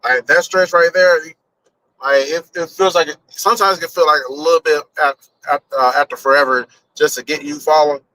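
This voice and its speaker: A man's voice: fairly high pitch, fairly even intonation, fairly quick, pushed and bright, no room sound, low-quality recording. A man chatting loosely on a live stream while driving, rambling and swearing casually as he thinks aloud. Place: in a car on a highway.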